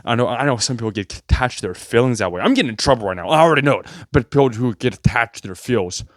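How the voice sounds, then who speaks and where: A man's voice: lively intonation, quick pace, hardly any pauses, no echo, studio quality. A man delivering a sarcastic, rambling comedic rant to his viewers. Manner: sarcastic, rambling, jumpy pitch. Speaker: vlogger.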